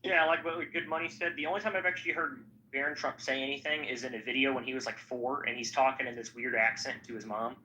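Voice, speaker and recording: Bright-voiced, profane man in casual chat. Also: mid-range voice, quick pace, few pauses. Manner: profane, rambling, animated. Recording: slightly dull audio with faint background noise.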